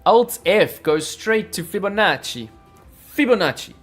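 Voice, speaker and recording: This crypto livestream host has a voice on the high side and speaks at normal speed over faint background music. He energetically covers the trading charts while fielding viewer questions in chat.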